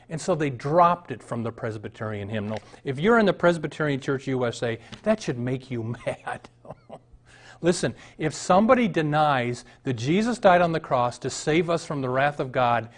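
A man's voice: a little high, lively intonation, moderate pace. Impassioned male pastor preaching. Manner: storytelling, rising to emphatic outbursts. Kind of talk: sermon.

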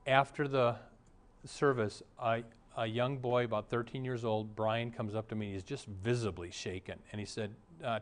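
A man's voice: medium pitch, steady tone, normal speed. A middle-aged male pastor preaching a sermon, telling stories and briefly acting out the voices of the people in them. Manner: storytelling preacher, acts out quoted voices.

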